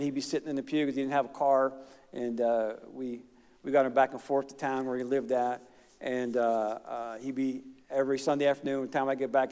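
A man's voice: medium pitch, darkish tone, clear, resonant tone. A middle-aged man, preaching a folksy, emphatic sermon in a church. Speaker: pastor. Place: church sanctuary. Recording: long reverb of a church hall.

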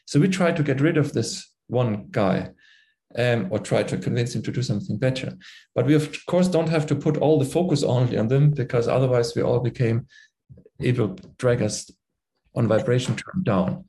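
A man's voice: medium pitch, moderate pace, mellow. A middle-aged man with a German accent, a native German speaker, explaining his ideas earnestly as a podcast guest and sometimes searching for words. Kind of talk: conversational interview.

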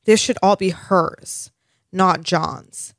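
A woman co-hosting a casual TV recap podcast, animated and swearing freely as she gushes about the show. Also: fairly low pitch, slow pace, no room sound, studio quality. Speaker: podcast co-host.

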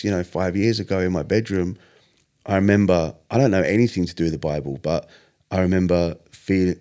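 Deep-voiced man telling his story. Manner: earnest, animated retelling with acted-out quotes. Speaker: podcast guest, vocalist. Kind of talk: casual storytelling interview.

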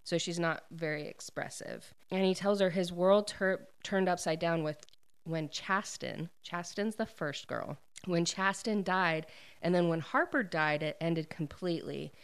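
A woman recaps a story in a relaxed, chatty way, with lots of "like"s, and briefly acts out the characters' lines as she goes. Her voice is smooth and clear and sits a little low. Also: a little slow. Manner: retells a plot with many "like"s, acts out quoted lines and laughs often. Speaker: book discussion host. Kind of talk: casual book recap chat.

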